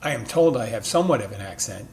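A man with a mid-Atlantic accent carrying hints of Philadelphia, speaking at a middling pitch in a loose, rambling monologue. He thinks aloud and restarts his sentences often. A faint hiss of noise sits behind him. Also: animated, quick pace. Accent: mid-Atlantic American with Philadelphia touches. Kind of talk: casual monologue.

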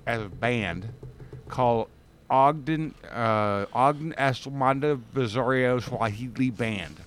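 Male co-host, slow, jokey, mid pitch, faint room noise. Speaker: podcast co-host. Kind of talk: casual chat.

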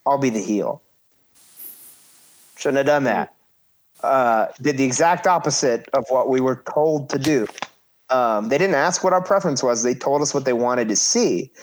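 A man's voice: medium pitch, expressive, normal speed, long pauses, a little hiss or hum. A man in his thirties casually telling a story about his wrestling career, acting out quoted voices and swearing freely.

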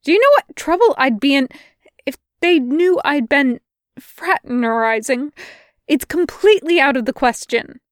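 A woman's voice: high-pitched, lively intonation, unhurried, no room sound, clean studio sound, pitched above the performer's own voice. A woman doing a flustered, fussy male angel. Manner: fluttery, pleading, stuttering.

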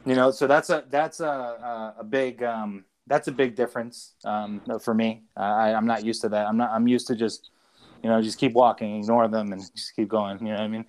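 A man co-hosting a podcast calls in to the show from away from home, telling loose, rambling stories full of fillers and swearing. His voice is lowish and darkish in tone, with fairly even intonation at normal speed.

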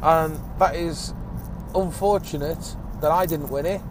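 A man's voice: on the high side, fairly even intonation, a little slow. Sweary man rambling from his car. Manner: casual, sweary, grumbling asides. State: phlegmy with a cough. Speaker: podcast host. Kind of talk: rambling one-take chat while driving. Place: inside a car in traffic. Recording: car and road noise behind.

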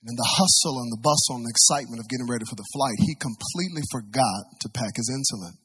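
Husky-voiced dramatic preacher. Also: male voice, medium pitch, quick pace, a bit bright. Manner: dramatic storytelling, big swings in volume. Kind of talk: sermon.

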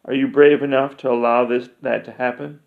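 A man voicing a calm, solemn male pilgrim who speaks in measured, grave pronouncements. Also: mid-range voice, vocal fry, close to an everyday voice. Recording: dull lo-fi recording.

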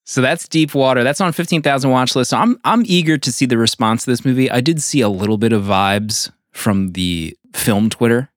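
A podcast co-host talking about movies in casual, lively chat. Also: mid-range voice, a little fast, few pauses, dry recording, studio quality.

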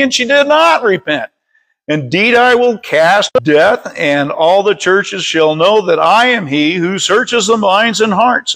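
A man leading a Bible study, reading scripture aloud slowly and stumbling over words, then stopping to teach. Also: high-pitched, fairly bright tone, poor audio. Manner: reads slowly with frequent stumbles and self-corrections. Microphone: streaming over Wi-Fi.

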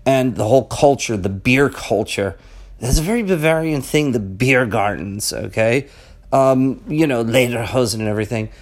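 A middle-aged man in a loose, rambling monologue at an average pitch. He keeps asking pointed rhetorical questions and checks in with the listener constantly. His delivery feels like unscripted thinking out loud. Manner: rambling and conversational, peppers talk with "okay?" and "you know". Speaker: vlogger. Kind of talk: casual off-the-cuff monologue.

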